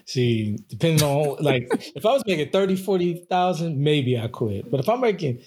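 A man co-hosting a podcast in casual chat, relaxed and joking, often answering with short agreements. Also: on the high side, moderate pace. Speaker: podcast co-host.

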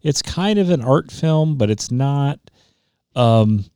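An opinionated man talks through what didn't work in a movie and keeps circling back to stress his points. His voice sits at an ordinary pitch and is recorded close and dry. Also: expressive, slow pace, mellow, clean tone, dry recording. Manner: opinionated, emphatic, frequent restarts. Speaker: podcast co-host. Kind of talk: casual movie review chat.

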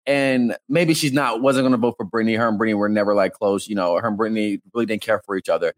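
A man co-hosting a casual chat, talking in an animated way and saying "like" often. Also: lowish voice, quick pace. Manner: animated, chatty, heavy use of "like". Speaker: podcast co-host.

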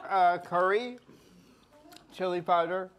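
A man's voice: high voice, slow pace, fairly bright tone, clean tone. Chatty man mixing drinks on a live show. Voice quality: chatty, laughing. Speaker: co-host. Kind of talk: casual live-show banter.

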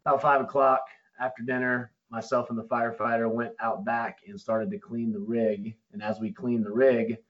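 Male firefighter, matter-of-fact, monotone, lo-fi audio. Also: mid-range voice, moderate pace. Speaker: firefighter guest. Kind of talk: recounting events in an interview. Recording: dull, lo-fi.

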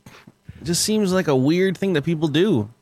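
A man's voice: on the high side, lively intonation, moderate pace, noisy background. A man co-hosting a podcast in crude, casual chat, swearing often and breaking into laughter. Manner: swearing, laughing, acting out silly voices. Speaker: podcast co-host.

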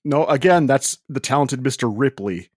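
Brief: male co-host, steady middle voice, matter-of-fact, corrects his friends. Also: medium pitch, moderate pace, no echo, clean studio sound. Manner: matter-of-fact, corrects others, reads trivia. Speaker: podcast co-host. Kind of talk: casual comedic movie review chat.

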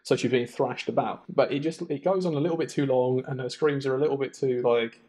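A man's voice: medium pitch, fast, dark tone. A man co-hosting a podcast, chatting enthusiastically and rambling with many restarts. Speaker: podcast co-host. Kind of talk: casual film chat.

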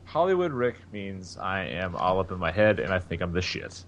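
A man's voice: low-pitched, big pitch swings, normal speed. A man co-hosting a podcast in casual chat, joking and rambling with plenty of fillers. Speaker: podcast co-host.

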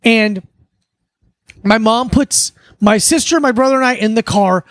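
A man's voice: high voice, unhurried, fairly bright tone, no room sound. A man from South Florida co-hosting a podcast, telling a childhood story in earnest, rambling casual chat. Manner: earnest, rambling with fillers and restarts. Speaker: podcast co-host. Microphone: podcast studio mic. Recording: dry close studio sound.

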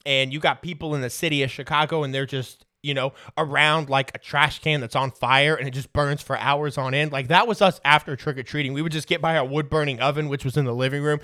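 A man's voice: fairly high pitch, steady tone, a little fast, few pauses, bright, forceful tone, no echo, studio quality. A man in his thirties hosting a podcast, telling casual stories, swearing freely and laughing through them. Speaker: podcast host. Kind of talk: casual storytelling.

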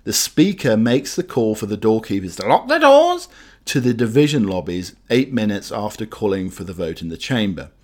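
A man's voice: fairly low pitch, fairly quick, hardly any pauses, darkish tone. A man hosting radio, chatting and reading news items in a rambling, hesitant way with many fillers. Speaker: radio host.

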